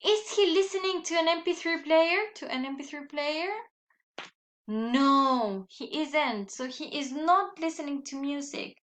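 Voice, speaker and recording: A woman's voice: high-pitched, a little slow, a bit bright. A woman teaching a recorded lesson for children, patient, repeating and asking her pupils questions.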